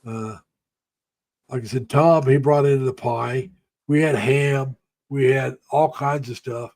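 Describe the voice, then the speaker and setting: A man's voice: medium pitch, fairly even intonation, slow, darkish tone. An older man hosting a casual live stream, telling rambling, folksy stories about the past and greeting viewers by name. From United States.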